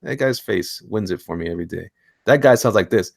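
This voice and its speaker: A man hosting a casual online chat about indie comics, excitable and rambling, laughing often. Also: lowish voice, brisk, vocal fry, no room sound, clean studio sound. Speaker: host.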